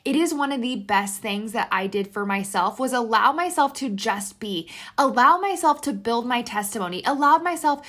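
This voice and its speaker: A woman's voice: on the high side, lively intonation, moderate pace, few pauses, fairly bright tone. A woman in her thirties giving an earnest, encouraging motivational talk and speaking to the listener as a sister. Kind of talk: motivational monologue.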